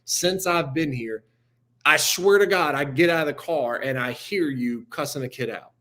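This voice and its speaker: A man guests on a casual sports talk show, chatting through stories and laughing as he goes. His voice sits slightly high. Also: moderate pace, sharp tone.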